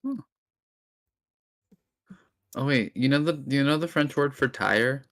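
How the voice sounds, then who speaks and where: A man's voice: mid-range voice, lively intonation, slow, fairly bright tone. A man chatting casually as a guest, teasing with dry sarcasm. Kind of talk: casual chat.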